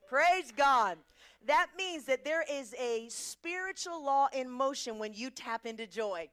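A woman's voice: high voice, a little slow, a bit bright. A middle-aged woman preaching a sermon, emphatic, asking the congregation questions and answering them herself.

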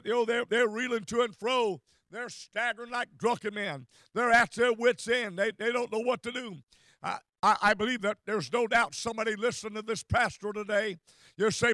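A man preaching a fervent sermon, repeating phrases and rising to shouts. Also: very high voice, dry recording.

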